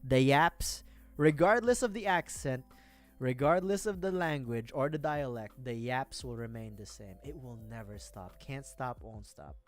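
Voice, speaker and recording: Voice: medium pitch, lively intonation, measured pace. A streamer from the Philippines chatting casually on a livestream, rambling, self-mocking and laughing often.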